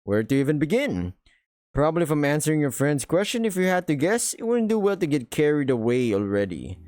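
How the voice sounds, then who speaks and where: A man's voice: a little high, sing-song, fairly quick, a little mellow, faint music behind. A man reading a visual novel aloud for his channel, mixing the narration with dry, joking asides.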